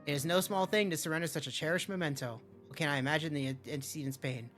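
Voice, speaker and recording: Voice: medium pitch, fairly even intonation, quick pace, a bit bright, faint music behind, close to an everyday voice. A streamer reading aloud the formal, old-fashioned lines of a solemn male scholar in a game, stumbling over some words.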